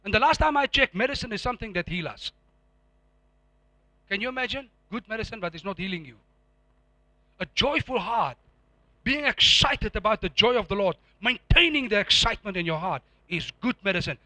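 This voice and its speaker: A man preaching a sermon as pastor, animated and firing rhetorical questions at the congregation. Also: high-pitched, a little fast, no room sound.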